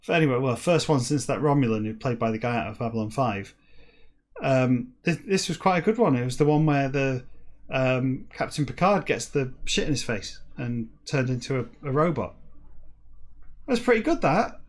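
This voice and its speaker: A man hosting a comedic solo podcast, rambling off on tangents, putting himself down, and reading a text aloud in slow, halting word-by-word bursts. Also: medium pitch, expressive. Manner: rambling and self-deprecating, with frequent digressions. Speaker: podcast host.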